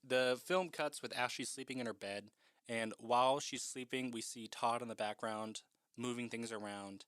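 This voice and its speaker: A man's voice: medium pitch, fairly even intonation, moderate pace, fairly bright tone, smooth, no room sound, studio quality. A man casually recapping a horror film in a chatty, profane way, with lots of "like".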